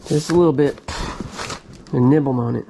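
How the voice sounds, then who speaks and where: A man hosting a vlog who excitedly shows off his storage locker finds and thinks aloud as he goes, recorded on a camera inside a storage locker. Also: medium pitch, moderate pace, gravelly, background noise. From United States. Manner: enthusiastic, thinks aloud, drops into whispers. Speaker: storage locker reseller and channel host. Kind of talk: casual vlog, excited show-and-tell of finds. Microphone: GoPro camera.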